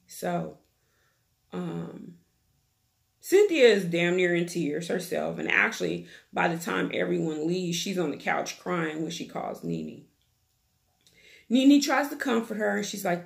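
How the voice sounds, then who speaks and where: A woman's voice: on the low side, measured pace, creaky. A woman hosting her own channel, recapping a reality show in a chatty, gossipy, slangy way. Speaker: YouTube TV recap host. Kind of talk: casual reality-TV recap chat.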